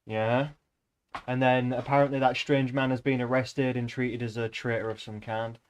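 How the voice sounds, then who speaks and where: A man's voice: mid-range voice, little pitch movement, moderate pace, a little hiss or hum. A man streaming a casual read-aloud of a novel, breaking off into rambling, joking asides between passages.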